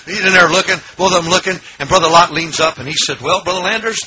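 Animated preacher man telling a story. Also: fast, a crowd in the background, rough recording. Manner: animated, acts out quotes with big swings in pitch and volume. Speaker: pastor. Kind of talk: sermon with storytelling.

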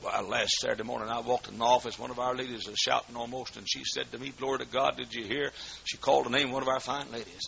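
Fiery preacher man, bright voice. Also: mid-range voice, flat delivery, fast, creaky. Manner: fiery preaching, swinging from shouts to hushed storytelling. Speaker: pastor. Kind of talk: sermon. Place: church. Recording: dull lo-fi recording with faint noise.

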